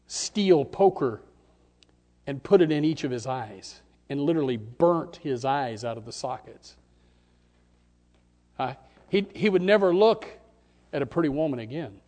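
A man preaching a sermon, swinging from hushed, almost whispered lines to shouted climaxes, repeating words in bursts. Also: fairly high pitch, animated, measured pace, long pauses.

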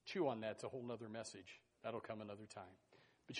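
A man preaching a sermon in a folksy, animated way, with sudden loud bursts and asides to the congregation. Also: a little high, quick pace. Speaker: pastor.

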